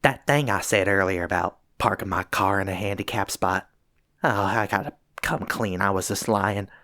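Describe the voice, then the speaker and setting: A man voicing a sheepish male cartoon cat, talking in a flat, confessional way. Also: low-pitched, normal speed, no echo, clean studio sound.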